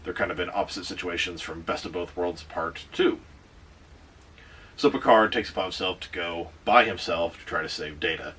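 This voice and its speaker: Sitting a little away from the microphone, so he sounds somewhat distant, a man with a very low, slightly rough voice reviews a movie. His recap is relaxed and lively, sprinkled with brief asides.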